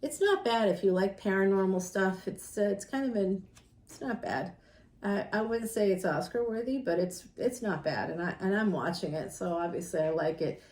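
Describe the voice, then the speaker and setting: A woman reading tarot cards in a relaxed, rambling chat. She laughs often and keeps turning to talk straight to her viewers. Her voice sits at a middle pitch, and the room rings with echo. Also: moderate pace. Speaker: tarot reader.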